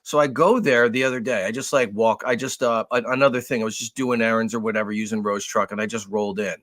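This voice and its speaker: A man co-hosting a podcast, telling a long story in a casual, animated way with lots of swearing. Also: fairly low pitch, quick pace. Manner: animated, profane, acts out raised voices. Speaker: podcast co-host.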